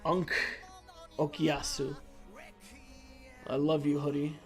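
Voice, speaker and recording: A man with a somewhat high voice reads viewer jokes on a livestream. His delivery is loud, goofy and joking. Music plays clearly in the background. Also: flat delivery, takes it slowly, long pauses. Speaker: streamer reading viewer jokes. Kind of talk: comedic reading on a livestream. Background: music playing.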